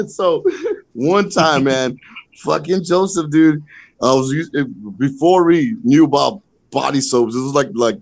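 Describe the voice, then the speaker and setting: A man's voice: mid-range voice, a little slow, gravelly. A middle-aged man, a podcast co-host, telling a rowdy, profane story with lots of laughter and acted-out lines. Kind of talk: casual storytelling chat.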